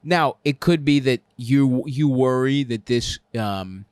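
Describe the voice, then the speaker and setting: A man's voice: mid-range voice, slow, a little mellow, clear, resonant tone, no echo. A man hosting a comedy advice show, ranting crudely and laughing at his own jokes on a close mic.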